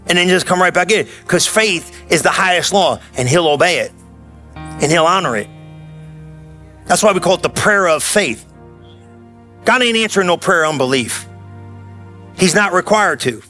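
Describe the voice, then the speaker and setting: Animated high-voiced male preacher. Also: moderate pace, long pauses, faint music behind. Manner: animated, conversational storytelling with shouted bursts. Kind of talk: sermon.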